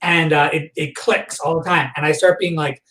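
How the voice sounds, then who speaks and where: A man guest on a podcast, recounting a personal memory in a halting way, full of fillers and restarts. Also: on the high side, steady tone, fairly bright tone. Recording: echoey room, voice far from the mic.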